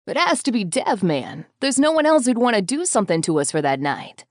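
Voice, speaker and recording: A woman's voice: medium pitch, very animated, brisk, no room sound, clean studio sound, voice pushed up, close to an everyday voice. A woman voicing an anxious young man who speaks urgently and insistently.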